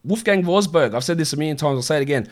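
A man's voice: a little high, animated. Chatty man hosting a show. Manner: chatty, offhand, quick answers to viewer questions. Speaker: fantasy basketball show host. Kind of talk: casual live-stream Q&A.

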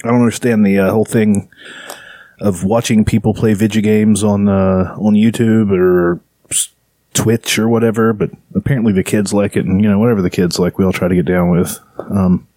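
A man's voice: fairly low pitch, steady tone, moderate pace, mellow, no echo. A man hosting a podcast in casual chat, rambling and sarcastic, with lots of fillers. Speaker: podcast host.

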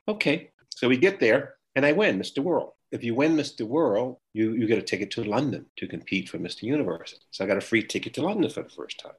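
An older man, an interview guest, telling animated stories about his past and acting out other people's lines. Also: fairly low pitch, fairly quick, few pauses, slightly rough. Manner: animated storyteller, acts out quoted voices. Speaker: interview guest, retired bodybuilder. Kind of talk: storytelling interview answers.

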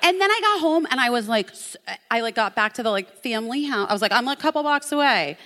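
A woman hosting a live podcast in front of an audience. Her pitch swings widely as she tells a story, and she swears freely in a casual, chatty way. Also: lively intonation, quick pace, sharp tone, no room sound, studio quality. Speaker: podcast host. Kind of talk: casual live chat on stage.

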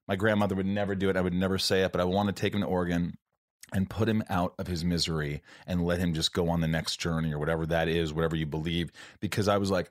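A man's voice: deep voice, fairly even intonation, fast talker, dry recording, studio quality. A young man hosting a casual, heartfelt conversation, speaking candidly with the odd swear word and acting out what others said. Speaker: podcast host.

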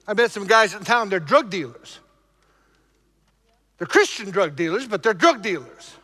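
A male pastor preaching emphatically to his congregation, shifting between loud exhortation and low, intense passages. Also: expressive, normal speed, husky, big-room sound. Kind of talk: preaching a sermon.

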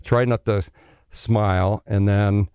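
This is a middle-aged man from Canada with a fairly low voice, recorded close on a dry mic. He tells his stories in a loose, animated way, swearing freely. He slips into the voices of the people he quotes. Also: slow pace, clean tone, no echo. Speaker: guest, former pro hockey player. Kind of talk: casual storytelling.

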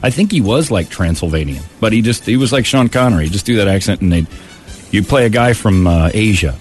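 A man's voice: lowish voice, animated, a little fast, soft background music. A man hosting a radio show, joking, laughing often and slipping into impressions. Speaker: radio host. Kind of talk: casual chat.

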